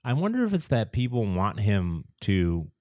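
Lively, animated man chatting casually. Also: lowish voice, moderate pace, no room sound, studio quality. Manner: animated, laughs often, jokey. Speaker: podcast co-host. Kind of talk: casual chat.

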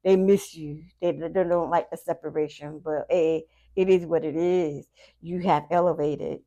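A woman giving a casual tarot reading to her viewers, talking in a chatty, profane way with animated asides. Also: low-pitched, a little slow, muffled recording. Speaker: tarot reader.

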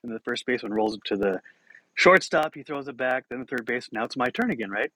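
A man's voice: mid-range voice, fast talker, pushed and bright, poor audio. A man hosting a podcast, telling a personal story in a casual, self-deprecating way with chuckles. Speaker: podcast host.

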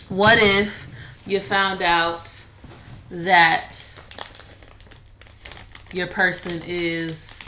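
A young woman chats frankly on a podcast, laughing easily and swearing without a second thought. She talks slowly in a bright, forceful voice. A roomy echo surrounds her mic. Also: lowish voice, a little hiss or hum. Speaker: podcast co-host. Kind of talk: casual chat. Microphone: studio mic at a table.

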